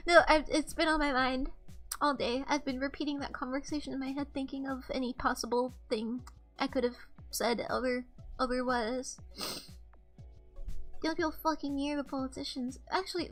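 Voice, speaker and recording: Young female streamer, high pitch, rambling and candid, casual chat, faint music bed. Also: fairly even intonation, moderate pace, a bit bright. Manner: rambling, candid storytelling with swearing. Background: faint background music.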